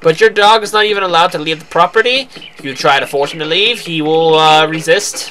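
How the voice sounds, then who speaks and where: A tired let's play host rambles through casual commentary on the farming game he's playing, with loud game music behind him. His voice sits fairly high and moves a little fast with few pauses. He's self-deprecating and keeps restarting his sentences.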